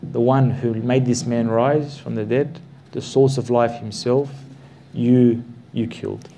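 A man teaching a Bible class, explaining the passage with slow, emphatic stresses and repeated words. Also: mid-range voice, steady tone, warm tone, a little hiss or hum.

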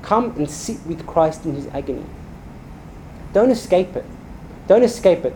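A man's voice: high-pitched, very animated, normal speed, long pauses, dark tone, slight background noise, rough recording. A man preaching a sermon as a priest, emphatic and building through repeated rhetorical lists.

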